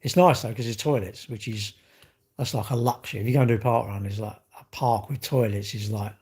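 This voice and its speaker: A middle-aged man hosts a casual live stream, rambling from one topic to the next. His voice is husky and a little rough. He gives blunt opinions and answers viewers' comments as he goes. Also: lowish voice, steady tone, fairly quick, darkish tone. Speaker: livestream host.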